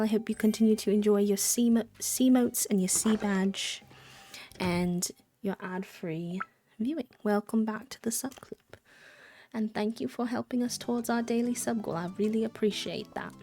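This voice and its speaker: A woman's voice: mid-range voice, steady tone, a little slow, dark tone, faint music behind. A young woman streaming a game live, chatting in a rambling way, answering her chat and thanking subscribers. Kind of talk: casual live-stream chat while gaming.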